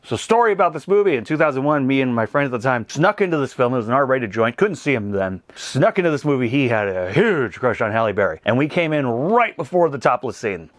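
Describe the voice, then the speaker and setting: Rapid, bouncy man in his thirties, rambling comedic movie recap, dry close sound. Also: mid-range voice, dry recording. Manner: animated, rambling, laughs at his own jokes. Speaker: movie reviewer.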